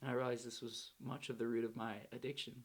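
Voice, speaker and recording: A man's voice: mid-range voice, flat delivery, fast talker, breathy edge. A man telling a candid first-person recovery story in a casual, slangy way. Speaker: storyteller recounting his recovery.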